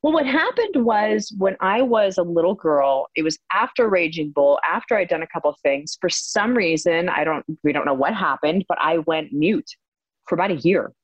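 A woman telling stories as an interview guest, animated and laughing often, with many fillers. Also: on the low side, normal speed, slightly rough, no room sound, highs cut off. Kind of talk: casual storytelling interview.

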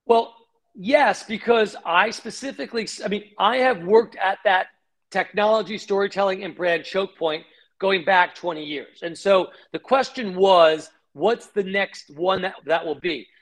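Middle-aged guy, pretty high voice, rattling off business stories, super animated. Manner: fast, animated, acts out quoted voices. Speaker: guest, company founder. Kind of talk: animated storytelling interview.

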